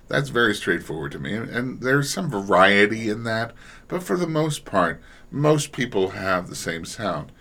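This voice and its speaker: A man who directs voice actors, talking reflectively in a relaxed panel discussion and often restarting his sentences. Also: medium pitch, normal speed. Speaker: audio drama director.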